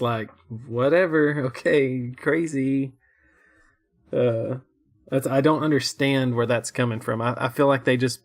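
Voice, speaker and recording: A young man trades opinions in a relaxed co-hosted chat. He rambles, circles back on himself and breaks into laughter often, with a middle-pitched voice. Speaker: co-host. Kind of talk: casual chat reviewing shows.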